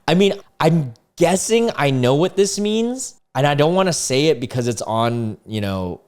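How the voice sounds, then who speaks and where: A young adult man hosting a casual reaction video about dating chats. He is incredulous and rambling, with animated reactions. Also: fairly high pitch, unhurried, hardly any pauses, smooth. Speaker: host reading online dating chats.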